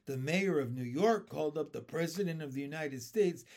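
Male storybook reader, slightly higher voice, lively character reads. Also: normal speed. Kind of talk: reading a children's book aloud.

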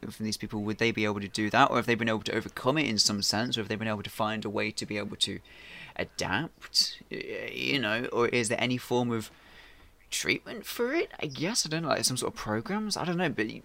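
A man's voice: fairly low pitch, fast, creaky, hardly any pauses, bright, forceful tone. A man co-hosting a podcast, rambling casually with many fillers. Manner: rambling, laughs often. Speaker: podcast co-host. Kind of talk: casual chat.

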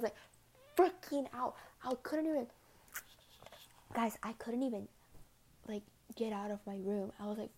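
Rambling young woman, mellow voice. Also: mid-range voice. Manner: rambling, heavy on fillers, swears freely; tense, drops to near whispers at times. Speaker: vlogger. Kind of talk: casual confessional chat.

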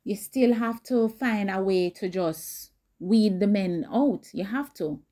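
Mellow-voiced woman giving blunt dating advice. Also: slow pace. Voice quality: not high or squeaky. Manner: direct, emphatic, conversational with quoted asides. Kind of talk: casual advice talk.

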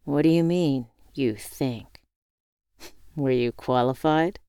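A man's voice: medium pitch, unhurried, clear, resonant tone, no room sound, studio quality, lightly acted. A woman reading the part of a male friend who teases and encourages over the phone. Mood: teasing. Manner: warm teasing, encouraging.

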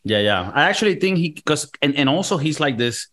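A man's voice: a little high, big pitch swings, brisk, a bit bright. Profane joking male podcast host. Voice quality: loose, profane, jokey delivery. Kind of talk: casual crude podcast banter.

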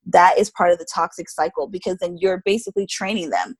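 A woman's voice: on the low side, fairly even intonation, fast, no room sound. A woman co-hosting a podcast in casual chat, earnest and self-deprecating with a playful streak. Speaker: podcast co-host.

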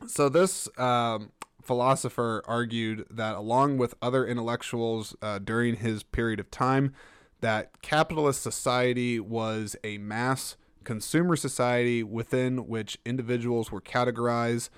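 A man's voice: mid-range voice, steady tone, measured pace, clean tone, no room sound, clean studio sound. A young man hosting a solo podcast, rambling and self-mocking with lots of restarts. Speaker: podcast host. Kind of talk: casual solo podcast monologue.

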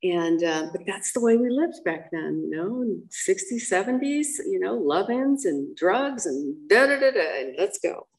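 An older American woman tells her own life story in an interview, blunt and frank, with lots of ums and acted-out voices for the people she quotes. Her medium-pitched voice is very animated yet unhurried, and she barely pauses. The audio quality is poor.

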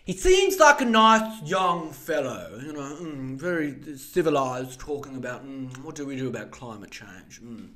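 A man in his twenties with an Australian accent, hosting a podcast in a profane, animated comedic rant. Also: medium pitch, a little slow, few pauses. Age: 20s. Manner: profane, animated, mock voices for others. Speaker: podcast host.

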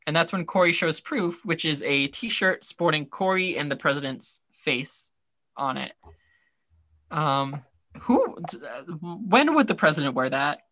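Bright, dry-voiced man recapping wryly. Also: fairly high pitch, no room sound. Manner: rambling, filler-heavy, wry. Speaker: podcast co-host. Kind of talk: casual recap chat.

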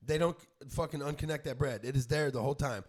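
A man's voice: medium pitch, fast, darkish tone. A man hosting a podcast in casual chat, profane and argumentative. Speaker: podcast host.

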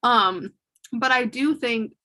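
A woman's voice: on the high side, slow pace. A young woman co-hosting a podcast, talking casually and with strong opinions, full of fillers. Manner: animated, opinionated, filler-heavy. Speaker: podcast co-host. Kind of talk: casual chat.

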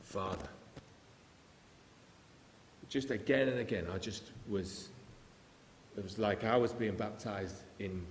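Earnest preacher in an echoey hall. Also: male voice, lowish voice, slow, long pauses. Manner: earnest, storytelling, with quiet prayerful passages. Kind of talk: sermon. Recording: echoey hall with faint hiss.

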